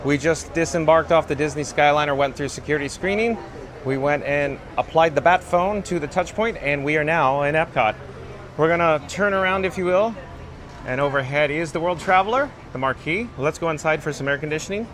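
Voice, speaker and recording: A man's voice: fairly high pitch, a little fast, fairly bright tone, a little hiss or hum. A man hosting a live-streamed walking tour outdoors in a theme park, chatting and reading viewer comments aloud, recorded on a handheld mic while walking.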